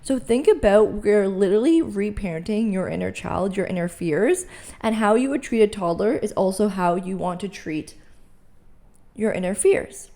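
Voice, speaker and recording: A woman's voice: medium pitch, moderate pace, mellow. A young adult woman hosting a solo mindset podcast, teaching in a conversational way and checking in with "right?" and "okay?". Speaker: podcast host.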